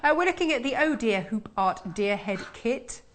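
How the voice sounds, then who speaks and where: Female TV shopping presenter, a touch high-pitched, chatty studio patter. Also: animated, normal speed. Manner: chatty, upbeat selling patter. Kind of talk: live shopping TV chat.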